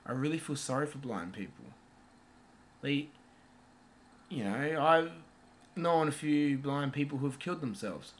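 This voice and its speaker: A man talks through a movie review in a loose, unscripted way. He wanders off topic, swears casually and fills gaps with hesitant ums. His voice sits at an ordinary middle pitch. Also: animated, unhurried, pauses often. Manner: rambling, swears casually, many fillers.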